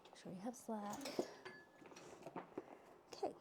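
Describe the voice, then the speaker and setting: A woman's voice: medium pitch, slow, noisy background. A woman leading a pilates workout class, giving exercise cues while she works out herself and gets out of breath. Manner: cueing exercises while working out, breathy exhales. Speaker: pilates instructor.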